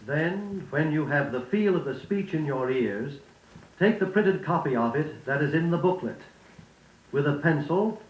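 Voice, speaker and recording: A middle-aged male radio announcer giving a formal spoken lesson with measured, distinct enunciation and stately phrasing. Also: fairly high pitch. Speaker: radio announcer narrating a speech course. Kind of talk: formal scripted instruction and recitation. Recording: lo-fi echoey 78rpm record.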